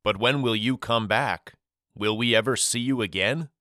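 A man's voice: medium pitch, moderate pace, sharp tone, no echo, studio quality, close to an everyday voice. A man voicing a heartbroken husband and father who pleads desperately in an audiobook, his voice breaking. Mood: pleading. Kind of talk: audiobook character voice.

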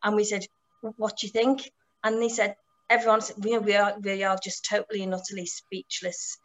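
A woman's voice: medium pitch, a bit bright, rough recording. Enthusiastic woman telling riding stories. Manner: enthusiastic, many restarts and fillers. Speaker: motorcycle tour operator. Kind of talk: casual storytelling.

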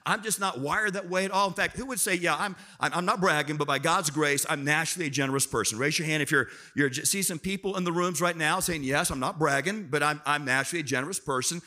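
A man preaching as a guest speaker to a church congregation, lively and self-deprecating, prompting the crowd to answer. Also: a little high. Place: church auditorium.

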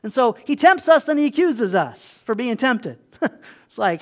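A preacher in full sermon mode, voice sitting at a middle pitch. The delivery is animated, jumping from loud, emphatic stretches to quiet, low asides. Words get repeated and phrases restarted along the way. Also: unhurried.

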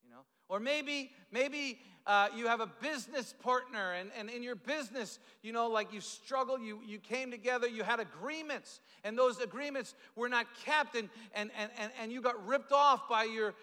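A man preaching a conversational sermon, halting often, repeating words and adding asides. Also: very high voice, pushed and bright. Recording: echoey hall.

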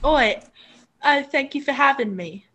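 A cocky, slangy young lad who claims to be British turned Australian, tossing out grunts and greetings, as a woman puts him on. The voice sits a bit high, with faint noise behind. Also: animated, a little slow, a bit bright. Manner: joking, exaggerated.

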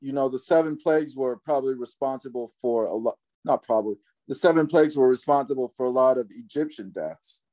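A man's voice: medium pitch, fairly quick, few pauses, dark tone. An easygoing man talking things over on a podcast, with a mid-range voice. He agrees readily and often stops to restart a thought. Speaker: podcast co-host. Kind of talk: casual chat.

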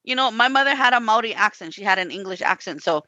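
A woman's voice: mid-range voice, lively intonation, quick pace, few pauses, sharp tone, no echo, muffled recording. A woman co-hosting a casual talk, telling stories with acted-out quotes and frequent "you know" and "like". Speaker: podcast co-host. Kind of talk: casual conversation.

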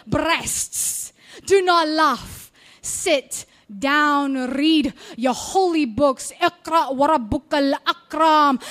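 A woman's voice: high-pitched, a bit bright. A woman with a Malaysian accent giving a spoken word poetry performance, reciting with dramatic, emphatic phrasing.

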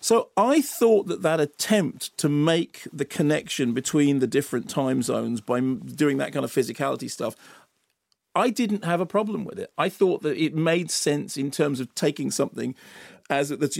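A man's voice: mid-range voice, moderate pace, vocal fry, a little mellow, no echo. A man, a film critic, talking through a movie review on a radio show in a studio, rambling from point to point with many restarts and asides. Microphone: studio microphone.

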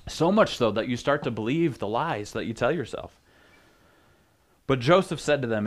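A male pastor gives a loose, conversational sermon. He jokes in asides and often restarts his sentences, at a middle pitch. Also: animated, moderate pace, long pauses. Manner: chatty, joking asides, many restarts. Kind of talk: casual sermon teaching.

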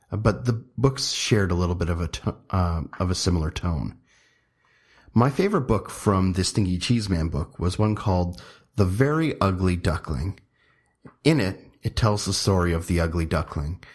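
Deep-voiced, relaxed man hosting a podcast. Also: slightly rough. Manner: relaxed, rambling with fillers and restarts. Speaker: podcast host. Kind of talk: casual solo podcast talk.

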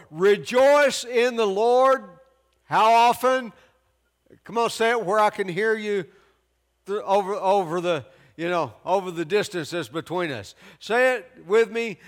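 A man preaching a sermon in a fairly high voice, taking his time over every phrase. He presses his points with repetition and sudden emphasis, breaking in again and again with "praise God". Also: fairly bright tone. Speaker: pastor. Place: church sermon delivered to a remote audience.

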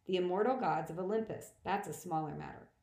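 Woman reading as a calm, formal old teacher. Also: on the low side, vocal fry, roomy sound. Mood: earnest. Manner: measured and formal.

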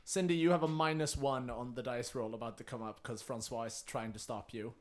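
A man's voice: medium pitch, steady tone, fairly quick. A man running a tabletop game as game master, chatty and laughing, with lots of fillers.

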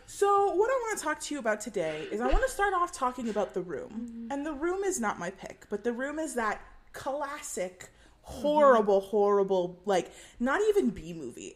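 A woman with a high, lively voice holds forth in a casual podcast chat. She rants with big swings in her delivery and swears freely. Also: moderate pace. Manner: animated, ranting, swears freely. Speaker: podcast co-host.

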